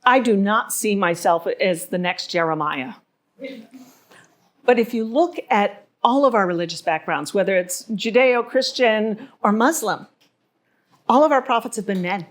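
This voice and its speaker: A woman's voice: mid-range voice, lively intonation, a little slow. A middle-aged woman hosting a live podcast, telling stories to an audience in a chatty way and laughing at herself. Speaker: podcast host. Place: wine venue with live audience.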